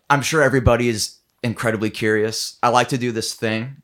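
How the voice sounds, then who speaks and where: A young man in casual chat, telling a story loudly and breaking into shouts and laughter. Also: medium pitch, fairly even intonation, a little fast. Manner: loud, bursts into shouts and laughter. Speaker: guest band member.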